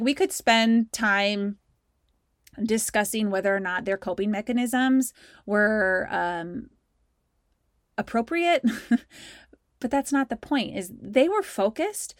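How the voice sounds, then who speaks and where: A woman telling a personal story from her school sports days, animated and conversational, acting out her own thoughts along the way. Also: mid-range voice, no room sound, studio quality. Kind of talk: storytelling talk.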